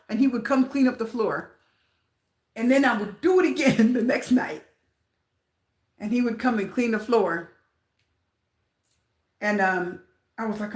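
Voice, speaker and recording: A woman reads tarot cards for her viewers in a casual, talkative way. She repeats points and keeps asking if they heard her. Her voice sits a little high and rings in a roomy echo. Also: normal speed, pauses often. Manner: chatty, repeats herself, asks viewers questions. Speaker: tarot reader.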